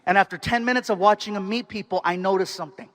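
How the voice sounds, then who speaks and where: Excitable high-voiced male comedian. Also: fast talker. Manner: animated, excitable storytelling. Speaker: stand-up comedian. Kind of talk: stand-up storytelling.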